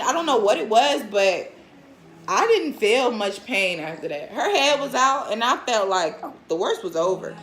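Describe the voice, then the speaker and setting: A woman's voice: mid-range voice, normal speed, a little hiss or hum. Candid young woman telling a story. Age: 20s. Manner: animated, acts out what others said; laughs often, candid and frank. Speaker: vlogger and new mother. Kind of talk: casual storytelling to viewers.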